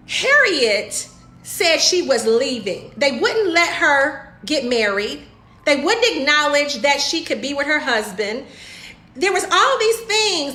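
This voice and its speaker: Woman, motivational coach, bright high voice, echoey room. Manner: preachy, emphatic, addresses viewers as y'all. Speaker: home business coach. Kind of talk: motivational talk to camera.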